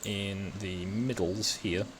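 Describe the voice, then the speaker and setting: A man with an English Midlands accent talks through his building plans in a low, easygoing voice. He rambles, corrects himself and mocks his own mistakes. Faint background hiss and keyboard clicks sit under his voice. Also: steady tone, slow. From England, West Midlands. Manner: rambling, self-mocking, thinks aloud while building. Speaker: gaming video host. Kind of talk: casual gameplay chat.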